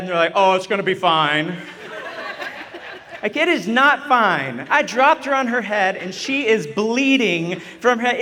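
A man's voice: high-pitched, pushed and bright. A man in his thirties, a chaplain, telling a self-deprecating story in a chatty, humorous sermon to a retreat audience. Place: church retreat meeting hall. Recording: reverberant hall.

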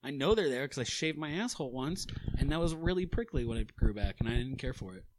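A man who is a guest on a podcast, joking deadpan in crude banter. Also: mid-range voice, quick pace, slight background noise, rough recording. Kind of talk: comedic banter.

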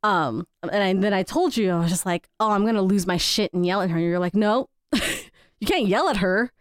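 Podcast co-host, woman, 30s, candid storyteller, smooth voice, dry close mic. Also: medium pitch, moderate pace, dry recording. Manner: candid, laughs between stories, quotes people in changed voices. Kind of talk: casual family chat.

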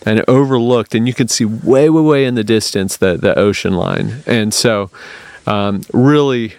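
A man, a podcast guest, telling a long personal story in a casual, animated way, often repeating his words. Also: lowish voice, moderate pace, dry recording.

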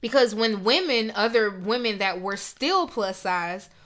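A woman's voice: mid-range voice, lively intonation, measured pace, a bit bright. A young woman hosting a podcast, ranting in a heated, emphatic, profane casual talk. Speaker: podcast host.

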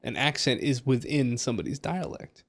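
A man co-hosting a casual podcast chat, joking and relaxed while drinking. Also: medium pitch, moderate pace.

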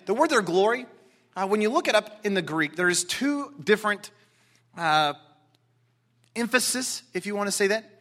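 A man preaching a sermon, explaining scripture and dropping into quiet, earnest asides. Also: sits high, expressive, moderate pace, pauses often. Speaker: pastor.

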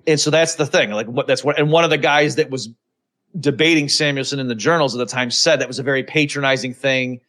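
A man hosting a casual podcast conversation. He talks in an animated, rambling way and often turns to the listeners directly. His voice sits in a mid range. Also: mid-range voice, quick pace. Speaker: podcast host. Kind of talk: casual chat.

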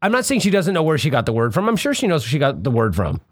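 A man's voice: a little high, fast, slightly rough, no room sound, clean studio sound. A man in a casual podcast argument, swearing a lot and restarting his sentences as he pushes his point. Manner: profane, animated, stammering restarts. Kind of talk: casual debate chat.

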